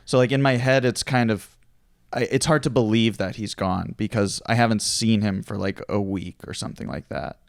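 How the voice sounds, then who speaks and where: A male comedian in casual podcast chat, speaking in a subdued, halting way. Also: fairly low pitch, fairly even intonation, creaky, dry recording, clean studio sound.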